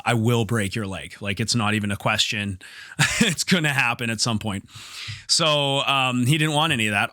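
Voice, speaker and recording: A man's voice: on the low side, no echo, studio quality. A man hosting a podcast, telling a story casually and with swearing, acting out the quoted lines of the people in it. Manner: animated, profane, acts out quoted dialogue. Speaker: podcast host.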